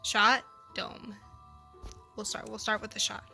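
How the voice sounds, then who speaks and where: A woman's voice: mid-range voice, level tone, measured pace, creaky, sharp tone, faint music behind. A woman streaming a story game, chatting and thinking aloud as she plays, laughing often. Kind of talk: game stream with reading and commentary.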